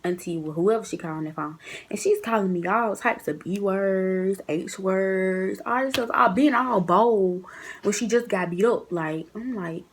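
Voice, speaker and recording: A young woman telling a story in a casual vlog, chatty and animated, acting out what people said. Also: medium pitch, measured pace, slight background noise. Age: young adult. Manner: chatty, animated, acts out quotes in shifting voices.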